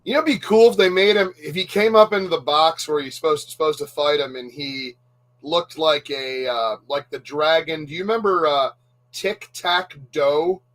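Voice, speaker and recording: A man's voice: on the high side, moderate pace, fairly bright tone, low-quality recording. A man hosting a live retro gaming stream, chatting casually and playing, cracking self-mocking jokes and laughing often. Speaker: livestream host playing retro games. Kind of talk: casual gaming chat with commentary.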